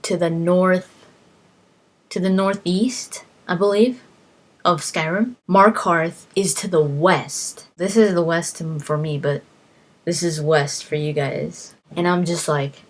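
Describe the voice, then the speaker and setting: A woman's voice: on the low side, steady tone, slow. A woman casually recounting a video game adventure, rambling with lots of fillers and restarts. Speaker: gaming vlogger.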